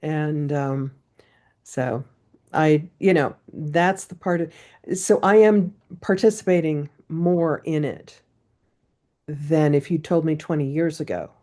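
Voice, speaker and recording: A woman's voice: low-pitched, slow, warm tone. A woman poet, a guest in a casual interview, telling stories in a chatty way. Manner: chatty storytelling.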